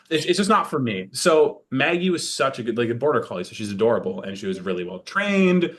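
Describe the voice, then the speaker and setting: A man's voice: medium pitch, fast, few pauses. A man guesting on a podcast, joking and talking casually with lots of fillers. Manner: joking, animated, filler-heavy. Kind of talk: casual conversation.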